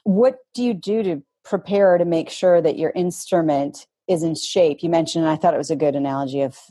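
Low mellow woman interviewer. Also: breathy edge, no echo. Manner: curious, measured questions. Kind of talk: interview questions.

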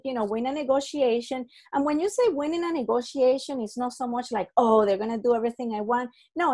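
A woman's voice: high-pitched, a little mellow. A woman hosting a podcast, explaining in a chatty, casual way and acting out short example dialogues, laughing now and then. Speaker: podcast host.

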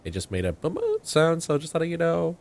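A man's voice: fairly high pitch, huge pitch swings, a little fast, gravelly, no echo. A man co-hosting a podcast in casual chat, swearing freely. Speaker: podcast co-host.

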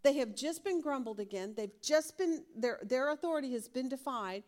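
Woman Bible teacher, higher voice, lively and questioning, laughs readily. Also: moderate pace. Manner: lively, laughs often, asks the class questions.

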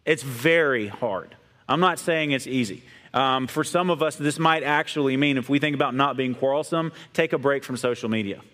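A man with a mid-range voice talks in an earnest, measured way during a Bible discussion, pausing often. His voice carries a long reverb from the room. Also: mid-range voice, a bit bright. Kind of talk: casual discussion.

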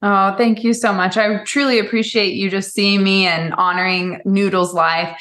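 A woman, a podcast guest who talks in an animated way, swears freely and acts out quotes of other people in her stories. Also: mid-range voice, normal speed. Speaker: guest, salon owner and coach. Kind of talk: casual podcast interview.

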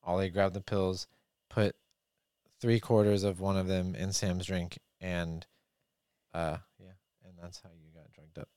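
A man's voice: deep voice, level tone, measured pace, mellow, clear, resonant tone, no echo, clean studio sound. A man briefly summing up his partner's story in a casual chat.

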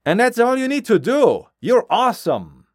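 A man's voice: extremely high pitch, sing-song, moderate pace, dry recording, clean studio sound. A man hosting a podcast, giving chatty step-by-step instructions to listeners. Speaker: podcast host. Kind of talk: casual promo for listeners.

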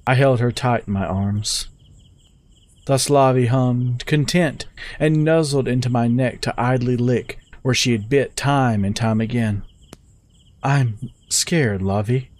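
Give me a man with a middle-pitched voice narrating a first-person story in a steady, measured way.

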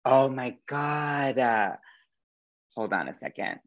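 A drag performer from Madison, Wisconsin, chats casually as an interview guest, gushing and campy and full of playful slang. His mid-range voice is expressive and slow, and the recording sounds muffled.

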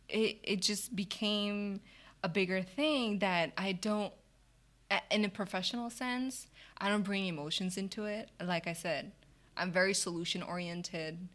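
Animated woman telling a workplace story. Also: medium pitch. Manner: animated, acts out quoted dialogue, laughs often. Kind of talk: casual storytelling.

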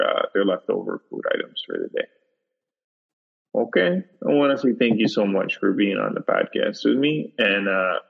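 A man doing a gravelly, husky small-town Minnesotan drawling through a mock sign-off, halting on every other word. The sound is dull and lo-fi, with a long hall-like reverb trailing behind it. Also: lowish voice. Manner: slow, halting delivery full of filler words.

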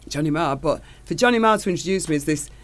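A woman's voice: low-pitched, expressive, quick pace. Gushing woman. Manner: gushing, enthusiastic, rambling storyteller. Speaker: singer, interview guest. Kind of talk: casual interview chat.

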